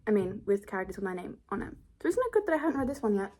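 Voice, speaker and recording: A woman's voice: mid-range voice, very animated, rapid-fire, darkish tone. A nineteen-year-old woman chatting casually to camera as a book vlogger, rambling with giggly asides.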